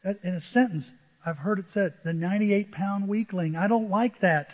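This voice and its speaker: High-voiced man preaching in a reverberant church. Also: normal speed. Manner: humorous storytelling, animated asides to the congregation. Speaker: pastor. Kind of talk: sermon. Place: church sanctuary. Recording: dull reverberant church recording.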